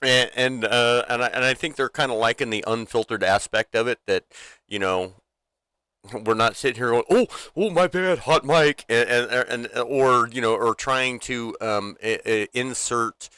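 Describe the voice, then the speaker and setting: A man's voice: mid-range voice, steady tone, normal speed, sharp tone, clean tone, dry recording. A man co-hosting a livestream in casual, unfiltered chat, rambling with lots of restarts and fillers and swearing freely. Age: adult, former military. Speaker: livestream co-host.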